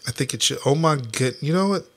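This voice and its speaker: A man hosts a loose, joking podcast. His voice is husky. He talks in a flat, gloomy deadpan. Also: on the high side, a little fast. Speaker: podcast host. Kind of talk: casual podcast banter.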